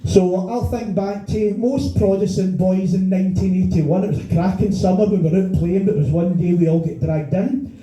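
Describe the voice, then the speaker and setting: A middle-aged Scottish comedian rants through a stand-up set, firing off exasperated questions and swearing freely. His voice sits high yet sounds dark and heavy. The sound bounces around an echoey bar room. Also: steady tone, normal speed, soft background music. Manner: profane ranting, exasperated rhetorical questions. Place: small bar venue stage.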